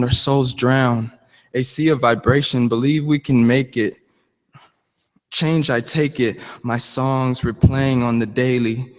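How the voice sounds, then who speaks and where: Man performing rhythmic rhyming poetry. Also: medium pitch. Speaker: open mic performer. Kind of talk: rhythmic rap-style poetry. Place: cafe performance space. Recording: hall reverb from live venue.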